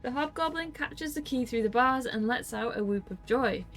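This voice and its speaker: A woman's voice: on the high side, expressive, normal speed, fairly bright tone, soft background music. A woman casually playing through a gamebook, reading narration and choices aloud with chatty asides. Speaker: gamebook reader and co-player.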